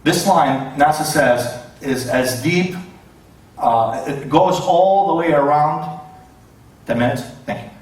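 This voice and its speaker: Halting man in an echoey hall. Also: fairly high pitch, recorded from a distance. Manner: hesitant, many fillers and self-corrections. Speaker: debater. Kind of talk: debate presentation with slides. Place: debate hall. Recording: very echoey hall, voice away from the mic.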